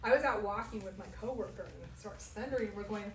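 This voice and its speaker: Racing along with few pauses in a mid-range voice, a middle-aged woman from Southern California shares a personal story with a women's Bible study group. She's a lively storyteller who laughs a lot and performs the quotes, recorded in an echoey church meeting room on a distant mic with faint hiss.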